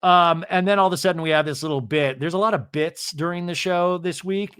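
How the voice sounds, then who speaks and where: Bright-voiced sarcastic male podcast host. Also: a little high, a little fast, few pauses, clear, resonant tone, dry recording, clean studio sound. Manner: animated, sarcastic, swearing. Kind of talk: comedic recap of a reality show.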